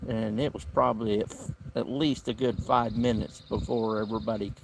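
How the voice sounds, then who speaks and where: A man's voice: fairly low pitch, fairly even intonation, normal speed, gravelly, slight background noise. A man with a Southern US accent hosting a casual camping livestream outdoors, talking in an easygoing, rambling drawl. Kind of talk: casual live-stream chat. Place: outdoor campsite by the woods.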